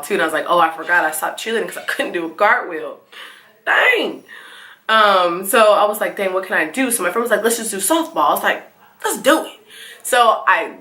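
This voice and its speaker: A young woman telling a storytime vlog, animated and laughing, acting out the quotes in squeals. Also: mid-range voice, reverberant. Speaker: vlogger. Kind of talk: casual storytime.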